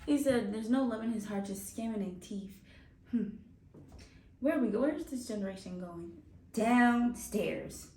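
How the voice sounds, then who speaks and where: A woman hosts a music reaction video, chatting casually and laughing often as she speaks straight to her viewers. Her voice sits on the high side, expressive and measured in pace. The sound is roomy, picked up from a distance off the mic.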